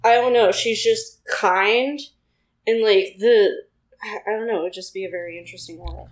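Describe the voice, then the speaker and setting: A young woman in casual chat with friends, thinking out loud as she explains her picks. Her voice sits at a middle pitch, and she works through her points slowly with many fillers. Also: steady tone, rough recording. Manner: thoughtful, explains at length with fillers.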